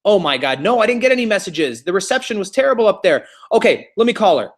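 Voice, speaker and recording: A man's voice: sits high, very animated, quick pace, voice pushed up. A man doing a breezy carefree realtor. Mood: flustered.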